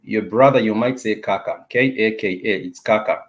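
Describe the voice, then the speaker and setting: A man with a somewhat low voice gives a relaxed online language lesson. He talks in a hesitant way, full of restarts and repeated words, and he goes over each example slowly and patiently. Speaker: language teacher.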